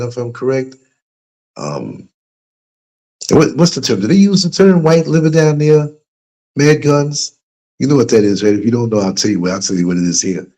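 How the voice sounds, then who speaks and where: A middle-aged man tells a story to his livestream audience in a loose, casual way. His pitch moves a lot as he goes, and his tone carries a light huskiness. When he quotes other people, he lifts his voice higher. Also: a little mellow, husky. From United States. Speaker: livestream host. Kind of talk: casual storytelling to a live chat.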